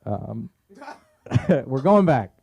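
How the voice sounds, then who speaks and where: Man, stand-up comic, open mic, deadpan, dark voice, lively pitch. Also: extremely slow, vocal fry, highs cut off. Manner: deadpan punchlines, chuckles at his own jokes. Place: comedy club stage.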